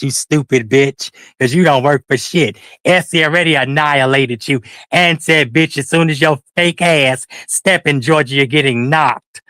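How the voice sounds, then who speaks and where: A man doing livestream commentary rants confrontationally at someone, taunting them with profanity. His voice is fairly high and a bit bright, with no room sound.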